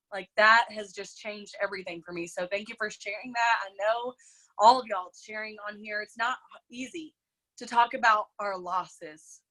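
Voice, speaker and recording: Bright, effusive woman hosting a video call. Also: medium pitch, poor audio. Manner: effusive and emotional, addresses the group as y'all. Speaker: host of a group video call.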